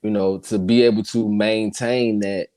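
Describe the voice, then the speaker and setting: Low-voiced man, earnest and reflective. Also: fairly even intonation, measured pace, a little mellow, clear, resonant tone, no room sound. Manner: earnest and reflective, lots of agreeing. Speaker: guest hip hop artist. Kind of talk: casual conversation.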